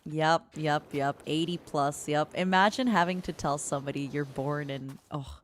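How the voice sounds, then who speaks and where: A woman streamer chatting softly and casually with her viewers while gaming, giggling often and slipping into French. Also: sits low, fairly even intonation, normal speed. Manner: switches between English and French. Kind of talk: soft-spoken casual chat while gaming.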